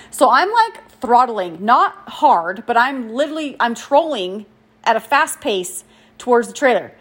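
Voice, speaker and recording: A woman in her forties telling a personal story in a chatty, self-deprecating way, full of "like" and quick laughs. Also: fairly high pitch, lively intonation, slightly rough. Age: 40s. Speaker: podcast host. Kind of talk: casual storytelling monologue.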